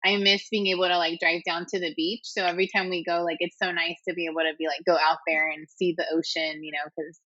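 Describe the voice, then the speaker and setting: A woman from Corpus Christi, Texas, chats casually on a podcast and backs up the others with quick, encouraging replies. Her voice is bright and tense at a middle pitch. The sound is dull and lo-fi, like a muffled recording. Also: level tone. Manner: warmly encouraging listener, quick affirmations. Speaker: podcast co-host. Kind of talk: casual chat.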